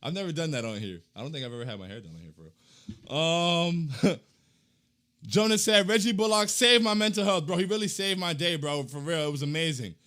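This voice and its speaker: Fairly quick and hyped, a young postgame host reads out fan comments in a casual chat. He leans on slang, switching between chanting loudly and muttering under his breath.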